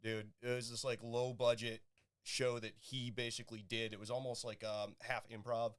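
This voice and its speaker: A man's voice: medium pitch, flat delivery, normal speed, smooth. A man co-hosting a casual podcast, chatting in a laid-back way and swearing casually. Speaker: guest co-host.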